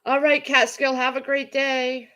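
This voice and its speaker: A woman's voice: sits high, level tone, measured pace, sharp tone. A middle-aged woman chatting casually on a livestream, reading out viewer comments and gushing over them. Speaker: livestream host.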